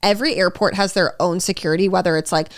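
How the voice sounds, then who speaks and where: A woman in her twenties co-hosting a podcast, ranting with animated exasperation and casual swearing. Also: on the low side, quick pace, no echo, clean studio sound. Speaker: podcast co-host. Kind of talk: casual chat.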